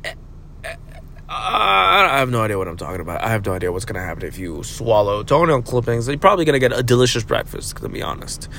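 A man hosting a rambling solo podcast while driving, talking crudely and swinging from shouts to mumbles. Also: medium pitch, very animated, quick pace, gravelly. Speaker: podcast host. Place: inside a car. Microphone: phone held to face. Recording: faint road noise in a car.

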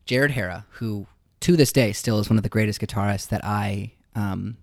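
A man, a musician guest, telling his life story in a casual interview, reflective and halting with fillers. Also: fairly low pitch, gravelly, no room sound, studio quality.

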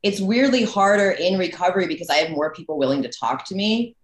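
Candid low-voiced woman guest. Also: fast talker, roomy sound. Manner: candid, self-deprecating, swears casually. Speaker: podcast guest. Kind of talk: casual chat.

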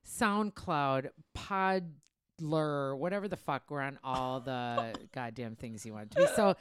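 A woman's voice: a bass voice, slow, a little hiss or hum. A woman hosting a podcast, talking a lot with crude, brash joking. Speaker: podcast host. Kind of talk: casual podcast chat. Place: podcast studio.

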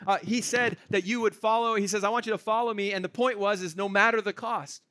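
A man's voice: sits high, fairly even intonation, a little fast, bright, forceful tone, no echo. A man preaching a sermon as pastor, in a conversational way that checks in with the congregation. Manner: conversational, asks the room "right?".

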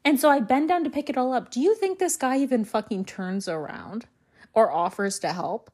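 A woman's voice: a little high, normal speed, husky. A young woman hosting a solo podcast, venting angrily and swearing heavily as she tells a story and walks through a list. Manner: angry, heavy swearing, animated storytelling. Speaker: podcast host.

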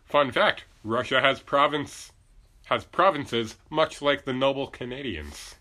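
A man's voice: mid-range voice, unhurried, bright, forceful tone. A man co-hosting a podcast in casual banter, crude and sarcastic with lots of swearing. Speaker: podcast co-host.

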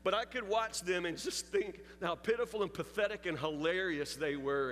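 High-voiced man preaching in a hall. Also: moderate pace, few pauses, fairly bright tone. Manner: storytelling, confessional, rising intensity. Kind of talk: sermon. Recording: long hall reverb with faint music.

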